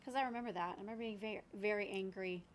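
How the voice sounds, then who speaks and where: A woman's voice: medium pitch, racing, slight background noise. A woman guest in a casual conversation, blunt and opinionated, speaking steadily and firmly.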